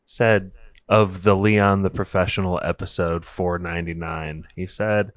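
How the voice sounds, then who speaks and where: Low-voiced man reading comments on a podcast. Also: fairly even intonation, measured pace. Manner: joking, reads comments aloud. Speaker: podcast co-host. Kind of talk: casual chat, reading listener comments.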